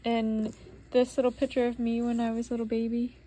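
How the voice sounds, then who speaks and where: A woman's voice: fairly high pitch, completely flat delivery, a little fast, dark tone. Heartfelt rambling woman vlogging at home. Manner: rambling and heartfelt, many "like" fillers. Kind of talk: casual personal vlog. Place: home while sorting belongings.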